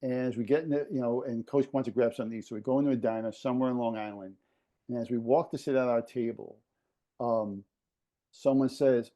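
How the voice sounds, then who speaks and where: A man from the New York area, a podcast guest telling animated stories with frequent restarts. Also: medium pitch, quick pace. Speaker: former basketball operations director, guest. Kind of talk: casual storytelling.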